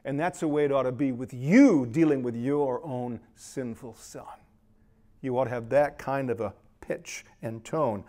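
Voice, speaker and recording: A middle-aged pastor preaching earnestly to a men's retreat, speaking straight to the men. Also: male voice, medium pitch, unhurried, warm tone.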